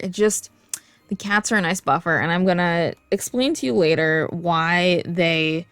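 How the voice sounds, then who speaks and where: A woman's voice: on the low side, no echo. Rambling, foul-mouthed woman vlogger. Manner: rambling, digressive, swears freely. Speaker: comedic vlogger. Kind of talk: casual comedic rant to camera.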